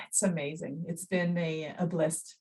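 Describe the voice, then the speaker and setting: A woman podcast host with a French accent on a video call, effusive and quick to laugh, sometimes searching for words. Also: on the low side. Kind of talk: casual interview chat.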